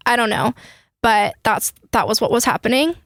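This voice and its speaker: A young woman hosting a casual chat, telling her story fast and full of swearing. Her voice sits a little high with a gravelly fry at the ends of phrases. The sound is dry and close, with no room around it. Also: dry recording. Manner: animated, swearing, quick storytelling. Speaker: podcast host.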